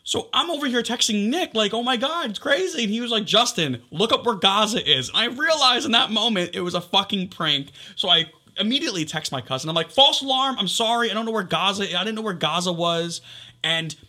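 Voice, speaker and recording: A young male podcast co-host tells a story in an animated, quick style and swears freely. His voice sits a bit high and has a very bright, cutting edge. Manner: animated, swearing, quick retelling with quoted texts. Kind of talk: casual storytelling chat.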